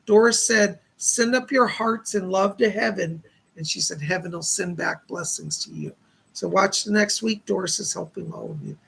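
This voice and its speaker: A man's voice: high-pitched, normal speed, creaky, fairly bright tone, husky. A man hosting a live stream as a psychic medium, giving earnest, reassuring readings and thanking donors with blessings.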